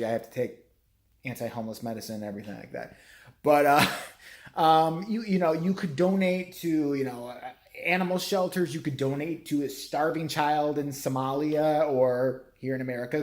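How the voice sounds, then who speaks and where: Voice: mid-range voice, normal speed. A middle-aged vlogger in a profane, sarcastic, rambling rant. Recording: roomy echo.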